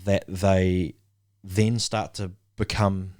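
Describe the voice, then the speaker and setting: Easygoing guy hosting a podcast, lowish voice, dry close sound, jokes around. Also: little pitch movement, takes it slowly, a little mellow, no echo. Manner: easygoing, joking, rambling questions. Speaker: podcast host. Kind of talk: casual chat.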